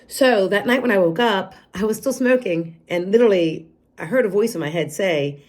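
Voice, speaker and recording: A woman vlogger giving an earnest, halting, confessional personal testimony. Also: mid-range voice, darkish tone.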